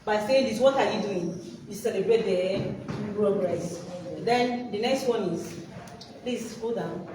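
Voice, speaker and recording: A woman runs an interactive workshop, quizzing her listeners with prompts for them to complete. She speaks slowly at medium pitch, recorded by a distant mic in an echoey hall with background noise.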